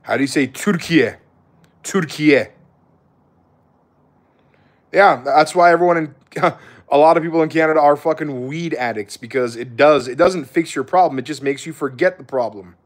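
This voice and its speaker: A man's voice: a little high, a little fast. A young man chatting casually on a live stream, laid-back and swearing freely, calling viewers bro.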